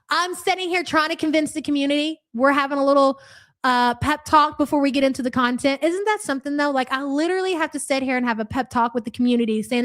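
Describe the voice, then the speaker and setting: Young woman, Louisville accent, reaction-stream host; blunt, profane, sarcastic delivery, pitched a bit high. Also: quick pace, no echo, studio quality. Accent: Louisville Kentucky. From Louisville area, USA. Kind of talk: live-stream reaction commentary, reading chat.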